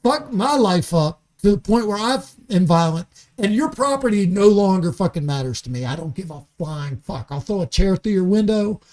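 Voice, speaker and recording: A man's voice: sits high, expressive, moderate pace, darkish tone. A man guesting on a studio podcast, speaking with heat and force. He leans hard on his words, swears freely and keeps pushing his point. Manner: heated, emphatic, swearing freely. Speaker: comedian guest. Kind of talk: podcast conversation.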